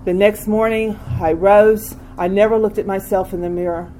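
Older woman, candid recovery testimony, halting with restarts, average pitch. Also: steady tone, mellow, a little hiss or hum, low-quality recording. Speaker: speaker sharing a recovery story. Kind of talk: personal testimony.

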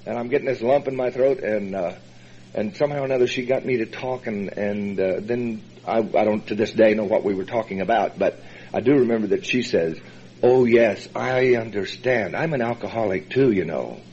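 A man's voice: on the low side, darkish tone, a little hiss or hum. Folksy man telling his recovery story. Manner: folksy, halting storyteller with many fillers and chuckles. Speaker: recovery meeting speaker. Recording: dull lo-fi recording.

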